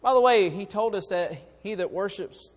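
A high-pitched man preaching a sermon in a church hall with a long reverb, rising from quiet asides to loud, climbing calls. He restarts his sentences and jokes with the congregation, and the room rings out behind each phrase. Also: moderate pace. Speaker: pastor. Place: church sanctuary.

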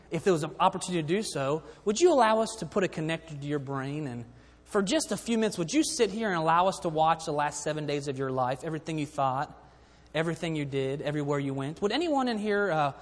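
Man preaching, high-pitched voice, quiet emphatic drops, long hall reverb, church sanctuary. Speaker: pastor. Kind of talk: sermon.

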